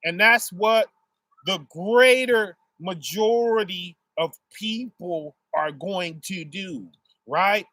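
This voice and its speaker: Speaking slowly and with a sharp tone, this fairly high-voiced man preaches an informal street sermon, checking "right?" with the crowd after nearly each phrase. Everyday family illustrations carry his message, and the audio is dry and close-miked.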